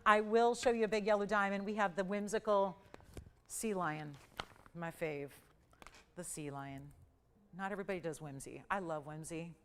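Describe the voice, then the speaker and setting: A woman hosting a live TV jewelry sale, chatty and jokey, running auction countdowns with sudden excited jumps in her voice, recorded in a TV studio on a lapel mic. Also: moderate pace, long pauses, a little hiss or hum. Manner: chatty, animated, jokey, pitch swings up for countdowns. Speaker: shopping channel host.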